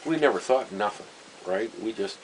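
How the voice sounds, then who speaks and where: A man, telling a personal story in a rambling, halting way, full of fillers and wry chuckles. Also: lowish voice, animated, a little hiss or hum, low-quality recording. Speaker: vlogger. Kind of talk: casual storytelling monologue.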